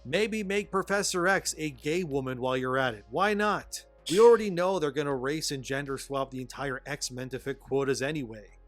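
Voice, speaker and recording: A man's voice: mid-range voice, moderate pace, hardly any pauses, soft background music. A man reading scripted pop-culture commentary in a sarcastic, exasperated way. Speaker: commentary video narrator.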